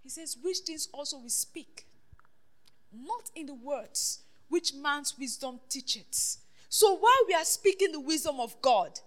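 A woman preaching a sermon, questioning her congregation and swinging between loud declarations and hushed asides. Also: high voice. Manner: call-and-response questioning the congregation.

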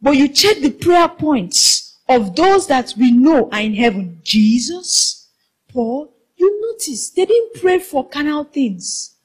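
Woman preacher, high voice, fervent, sings lines and draws responses from the hall. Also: very animated, slow pace. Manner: fervent, half-sings phrases, calls for responses from the congregation. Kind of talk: sermon. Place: large hall with a congregation.

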